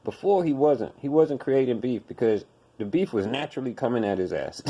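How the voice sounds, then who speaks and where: A man's voice: mid-range voice, sing-song, fairly quick, vocal fry, mellow, lo-fi sound. A man hosting a podcast, ranting in blunt, profane commentary and hammering his points with repetition. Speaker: podcast host.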